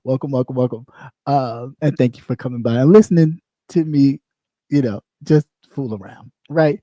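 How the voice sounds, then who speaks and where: Profane, laughing livestream host. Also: male voice, mid-range voice, moderate pace, no echo. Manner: loose, profane and animated, with frequent laughs and repeats. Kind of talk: casual commentary livestream.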